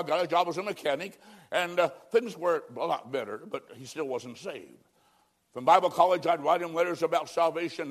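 Pleading older man preaching a sermon. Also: fairly high pitch. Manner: urgent, pleading, dramatic swings from loud to hushed. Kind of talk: sermon testimony. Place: church service.

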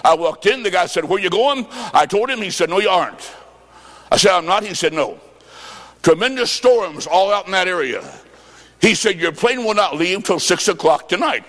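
A man preaching a revival sermon with folksy stories, impassioned and shouting at the peaks. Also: high-pitched, animated, moderate pace. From Illinois. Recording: echoey hall with long reverb.

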